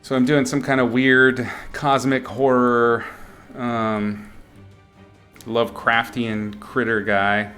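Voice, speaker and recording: Unhurried, giggly man streaming his painting. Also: mid-range voice, little pitch movement, faint music behind. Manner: playful, giggly, greets chat warmly and makes up silly words. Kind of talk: casual live-stream chat while painting.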